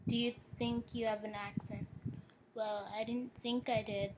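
A woman's voice: fairly high pitch, level tone, unhurried, background noise. A young woman from Colorado with a Colorado accent, casually reading questions and word lists aloud and answering them briefly. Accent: American, Colorado. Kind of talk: casual reading of a list challenge.

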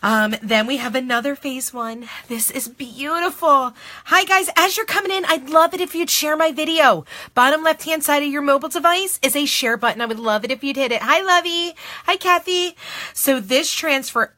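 A woman's voice: high-pitched, normal speed, pushed and bright, dry recording. A woman in her thirties hosting a live video on her phone, gushing over craft products and greeting viewers by name. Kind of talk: live product showcase chat.

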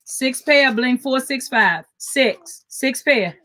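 A woman's voice: sits high, expressive, slow, pushed and bright. Chatty woman selling jewelry live. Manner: chatty, repeats item codes, greets viewers by name. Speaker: jewelry seller on a live stream. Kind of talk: live sales stream.

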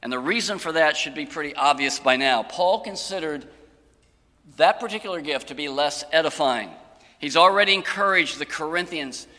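Bright-voiced pastor preaching in a reverberant church. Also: male voice, a little high, lively intonation, moderate pace. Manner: earnest, plain-spoken, dry humor. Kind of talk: sermon. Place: church sanctuary. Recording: long church-hall reverb.

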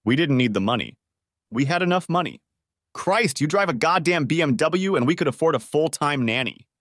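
A man's voice: a little high, animated, normal speed, a bit bright, no room sound, studio quality, pitched above the performer's own voice. Man voicing a cold wronged husband. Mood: bitter. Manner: cold and firm.

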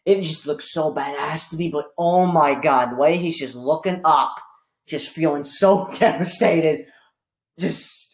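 A young woman giving a casual spoiler review of a movie, talking in an excitable, rambling way that swings from low mumbles to shouts, with many restarts. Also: unhurried.

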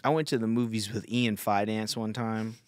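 A man's voice: lowish voice, steady tone, moderate pace, no echo, clean studio sound. A young man hosting a podcast, telling a rambling, profane story in casual chat. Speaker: podcast host.

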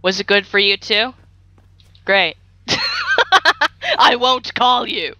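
A young woman giving playful, excitable commentary while playing a video game, joking and talking to the creatures she meets. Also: medium pitch, measured pace, no echo. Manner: giggly, silly and excitable, talks to game creatures. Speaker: gaming YouTuber.

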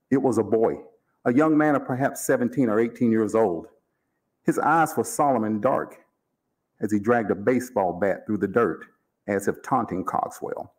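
Male author reading his fiction aloud; steady narration, mid-range pitch.

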